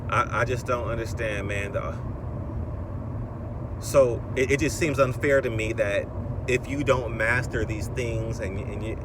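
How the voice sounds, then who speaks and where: A man's voice: mid-range voice, fairly even intonation, unhurried. A man in his thirties ranting in a rambling monologue while driving, his voice rising into exasperated outbursts. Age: 30s. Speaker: vlogger. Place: in a car, driving. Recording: car road noise in background.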